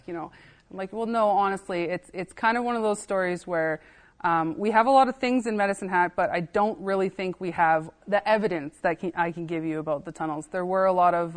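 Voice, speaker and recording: A woman archivist tells anecdotes in a relaxed podcast chat. She animatedly acts out the callers and visitors she is quoting and slips in an occasional laugh. Her tone stays casual and conversational throughout. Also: mid-range voice. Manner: animated anecdotes, acting out quoted dialogue, laughing. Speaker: assistant archivist, podcast guest. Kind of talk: casual storytelling interview.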